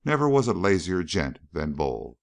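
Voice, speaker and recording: A man's voice: low-pitched, very animated, normal speed, creaky, full character voice. A man voicing an easygoing young backwoods farmhand with a folksy drawl. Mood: grumbling, easygoing.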